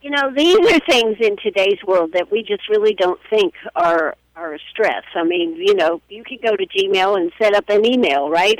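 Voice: mid-range voice, no echo, rough recording. A radio talk show host interviewing a guest live, conversational and steering the talk toward the break. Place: public library.

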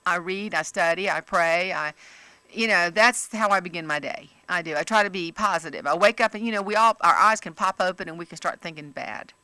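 Bright-voiced chatty woman comedian. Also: fairly quick, dry recording. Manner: animated storyteller, jumps into high voices for quoted people. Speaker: comedian and author, interview guest. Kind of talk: casual interview chat.

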